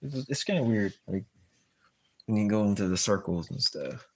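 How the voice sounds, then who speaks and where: A man's voice: lowish voice, expressive, moderate pace, a little hiss or hum. A man chatting casually on a livestream while tying fishing jigs, telling rambling stories full of fillers.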